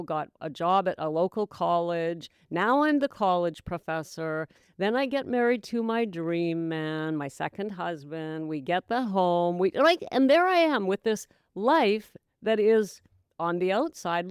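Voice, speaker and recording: A middle-aged woman hosting a sobriety podcast, giving an emphatic motivational talk that calls listeners "gals" and "my dear" and slips into hushed whispers. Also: lowish voice, lively intonation, measured pace, clean tone, no room sound, studio quality. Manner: dramatic voices and hushed whispers for effect. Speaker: podcast host, sobriety coach. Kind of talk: motivational monologue.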